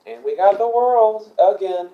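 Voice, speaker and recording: A man's voice: sits high, unhurried, dull audio. A man doing a casual tarot reading, thinking aloud with many ums and asking angels for guidance as he goes. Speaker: tarot reader.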